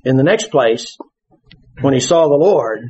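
A man preaching a sermon, animated, bursting into shouts and laughter as he tells his stories. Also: mid-range voice, measured pace, slight background noise. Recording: dull lo-fi sermon recording.

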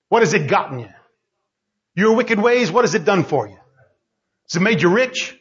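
A man preaching a fiery sermon, pleading and shouting at the peaks, then dropping low and quiet. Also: expressive, normal speed, pauses often, slightly rough, dull audio.

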